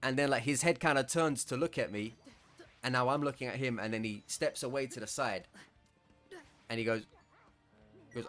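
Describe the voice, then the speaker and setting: A man's voice: medium pitch, fairly quick, pauses often, fairly bright tone, faint music behind. Amused man telling a story. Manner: amused, laughing often while telling the story. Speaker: gaming content creator. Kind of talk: casual storytelling over gameplay.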